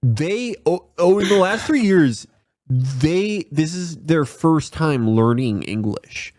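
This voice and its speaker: A man in casual livestream chat, trading sarcastic bits with a deadpan edge. His voice swoops up and down animatedly while he stumbles through fillers and restarts. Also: on the high side, takes it slowly. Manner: sarcastic, riffing with deadpan jokes and frequent fillers. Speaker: guest commentator.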